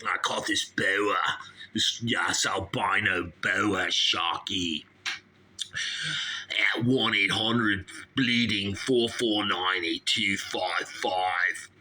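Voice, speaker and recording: A man's voice: low voice, steady tone, extremely slow, bright, forceful tone, full character voice. A man putting on a blustery Australian snake handler. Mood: boastful. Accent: put-on Australian.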